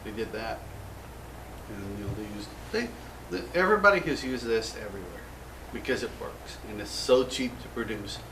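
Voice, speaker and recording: A man's voice: fairly low pitch, animated, normal speed, noisy background. An American man hosting a casual gun show, joking and rambling in a self-mocking way. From United States. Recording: roomy echo from a distant mic.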